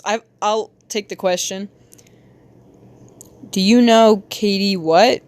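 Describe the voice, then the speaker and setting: Slow and a little mellow, with fairly even intonation, a young woman draws on a livestream, chatting casually, reading chat aloud, giggling, and squealing suddenly at a high pitch. Her tone is clean with no echo.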